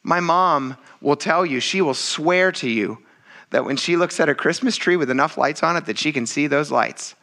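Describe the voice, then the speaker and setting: A man preaching a sermon in a casual, conversational way, often turning to his listeners and building to loud exclamations. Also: fairly high pitch, moderate pace. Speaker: pastor.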